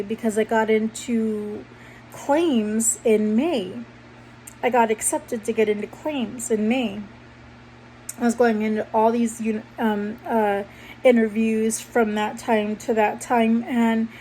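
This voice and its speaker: A young woman vlogger casually tells a personal story, rambling, correcting herself and keeping it conversational. Her voice is fairly high with a darkish tone, and the audio is poor, with faint background noise.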